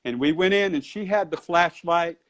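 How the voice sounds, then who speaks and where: A man who teaches Qigong and Tai Chi, telling a long personal story in an interview. He talks like an animated storyteller and keeps his pace moving. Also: a little high, moderate pace.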